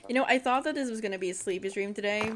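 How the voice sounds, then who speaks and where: A woman's voice: medium pitch, very fast, background noise. A tired woman streaming a building game, chatting casually to her viewers in a sleepy, rambling, self-mocking way. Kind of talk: casual live-stream chat while building.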